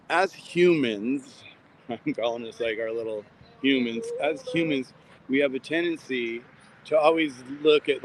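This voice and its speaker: A man's voice: mid-range voice, moderate pace, a little hiss or hum, low-quality recording. A man rambling heartfelt to his viewers in a casual walk-and-talk vlog, filmed outdoors on a city street. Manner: rambling, heartfelt, repeats himself, talks straight to viewers. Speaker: vlogger filming outside a building.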